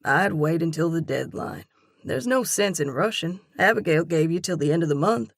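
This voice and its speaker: A woman voicing a man who is the love interest in a romantic audiobook, speaking in an even, wry drawl. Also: sits low, normal speed, dry recording, clean studio sound. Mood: teasing, calm. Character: man, warm easygoing teasing love interest.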